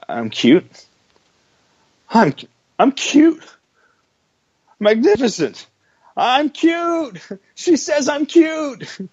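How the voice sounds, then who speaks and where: A man voicing a shy young male reindeer who stammers and squeals with glee in a very high voice. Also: wildly swooping pitch, extremely slow, pauses often, breathy edge, exaggerated voice. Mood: giddy. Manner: stammering, then giddy squeals. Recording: dull lo-fi radio audio.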